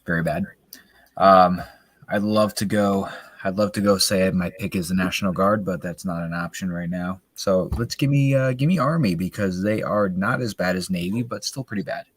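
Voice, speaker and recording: A man co-hosting a sports podcast, talking through his picks in a relaxed, hedging, wry way. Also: sits low, normal speed, husky, dry recording. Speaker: podcast co-host. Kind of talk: casual sports chat.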